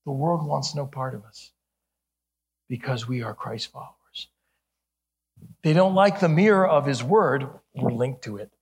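Husky middle-aged pastor preaching. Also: male voice, mid-range voice, unhurried, long pauses. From Ohio. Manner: earnest, then playfully animated with jokes. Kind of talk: sermon with humorous asides.

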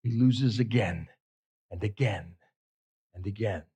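A pastor preaching a sermon with emphatic delivery, repeating phrases for effect. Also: male voice, fairly low pitch, slow pace, warm tone, husky.

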